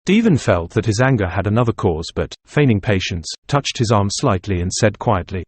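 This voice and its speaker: A man reads a novel aloud in a steady, measured audiobook narration. His voice is low and a little husky. It is recorded close and dry, with no room sound. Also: dry recording.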